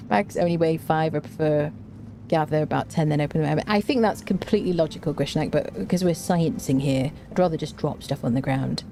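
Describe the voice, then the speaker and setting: A woman's voice: low voice, normal speed, gravelly, dark tone, slight background noise. A woman streaming a game, giving chatty live commentary, talking to her chat and humming to herself as she plays.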